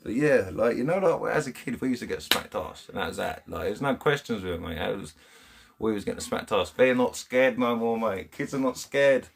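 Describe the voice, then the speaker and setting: A man with an English accent talks straight to his live stream viewers from home. His voice sits a bit low, and he is blunt and chatty, full of slang, with frequent laughs. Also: expressive, moderate pace, creaky, slight background noise. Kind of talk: casual live stream chat, reading comments. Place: home, indoors.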